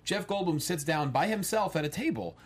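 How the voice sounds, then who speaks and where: A man's voice: fairly high pitch, lively intonation, a little fast, slightly rough. A man co-hosting a casual chat, telling a story in an easygoing way. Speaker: co-host.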